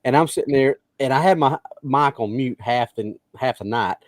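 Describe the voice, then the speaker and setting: A man's voice: medium pitch, normal speed, no room sound. A man co-hosting a podcast, telling stories with frequent laughter in casual chat. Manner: storytelling, laughs often. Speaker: podcast co-host.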